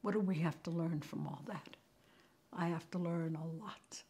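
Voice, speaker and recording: An older woman hosting from her kitchen, telling a story with animation and hushed near-whispers. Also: fairly low pitch, normal speed, husky. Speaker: host. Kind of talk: storytelling talk to viewers. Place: home kitchen.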